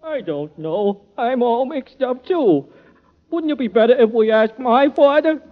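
A high muddled old father, dithering, tinny old radio sound. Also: expressive, measured pace. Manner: dithering, confused. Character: bewildered old father, Ivan the Terrible.

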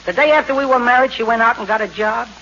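A man doing a slow, self-pitying stick-up man. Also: very high-pitched, pushed and bright, slight background noise, exaggerated voice. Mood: boastful. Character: dim-witted lazy male stick-up man. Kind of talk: 1930s radio comedy acting. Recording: lo-fi old radio recording.

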